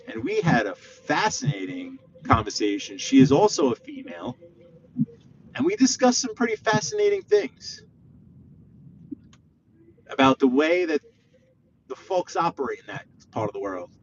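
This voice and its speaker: A man chatting casually on a live stream while he drives, excitable and reading viewer comments aloud. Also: on the high side. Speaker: livestreaming driver. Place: inside a car while driving. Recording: muffled lo-fi stream audio with faint road noise.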